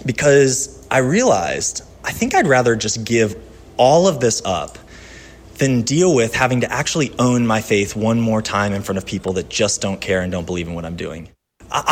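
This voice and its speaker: Male pastor, mid-pitched, lively conversational sermon delivery that swings between bright and quiet. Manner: conversational, personal storytelling with shifts from lively to hushed.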